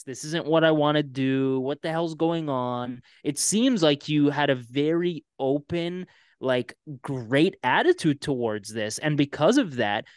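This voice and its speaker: A man hosting an interview, speaking at length in a reflective, measured way. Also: fairly high pitch, dry recording. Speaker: podcast host. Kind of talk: interview conversation.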